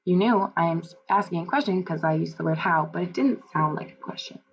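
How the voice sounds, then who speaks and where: A woman presenting a lesson plan aloud as a teacher in training, halting, with fillers and self-corrections. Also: on the low side. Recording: dull lo-fi recording with faint hum.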